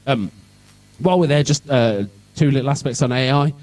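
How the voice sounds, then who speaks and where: A man's voice: mid-range voice, moderate pace, darkish tone, far from the mic, poor audio. Sweary sarcastic man with a Birmingham accent. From England, Birmingham. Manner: irreverent, sarcastic, swears freely. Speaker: conference speaker. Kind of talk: sweary comic tech talk. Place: event hall.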